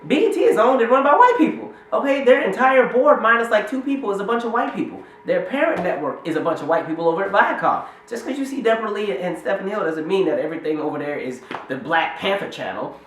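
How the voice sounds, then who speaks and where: A man's voice: high voice, lively intonation, fast talker, hardly any pauses, a bit bright, echoey room, slight background noise. A man giving a fired-up, sarcastic commentary rant straight to his viewers. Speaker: vlogger. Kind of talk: casual commentary rant to camera.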